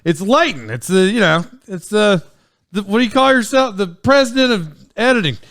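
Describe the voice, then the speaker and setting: A man's voice: high-pitched, expressive, moderate pace, fairly bright tone, no echo, clean studio sound. A man in his forties telling stories on his solo podcast in a casual, rambling way, full of fillers and restarts. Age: 40s. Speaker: podcast host.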